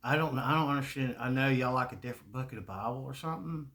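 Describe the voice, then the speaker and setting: A man with a Southern US accent rambles through a casual monologue, swearing freely and breaking into laughter. His voice is bright and forceful, sitting at an ordinary pitch for a man. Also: quick pace. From American South. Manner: rambling, profane, laughs often. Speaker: video creator.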